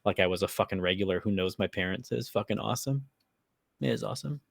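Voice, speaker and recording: With a lowish, creaky voice and a fast delivery, an Upper Midwest American man co-hosting a podcast tells a long prank story in a loose, rambling way. He laughs throughout and swears without restraint, and the studio-quality audio has no echo.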